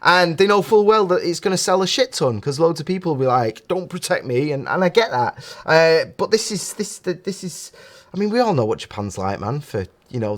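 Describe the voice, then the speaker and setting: A man hosting a live show, chatting casually and rambling with lots of self-interruptions. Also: a little high. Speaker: host.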